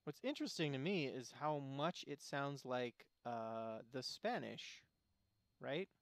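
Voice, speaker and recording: A man's voice: mid-range voice, lively intonation, takes it slowly, no room sound. Rambling man gaming. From Arizona, USA. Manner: rambling, musing, self-interrupting. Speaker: game streamer. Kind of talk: casual gameplay commentary.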